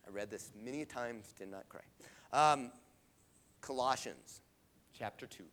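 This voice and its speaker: A man's voice: medium pitch, a little slow, a bit bright. A middle-aged man telling a personal story in a conversational devotional talk, often checking in with his listeners. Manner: conversational, often adds "right?". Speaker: devotional speaker.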